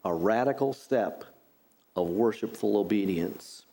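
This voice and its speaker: A middle-aged male pastor preaching a sermon, deliberate and repeating key phrases for emphasis. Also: fairly low pitch, creaky, dark tone.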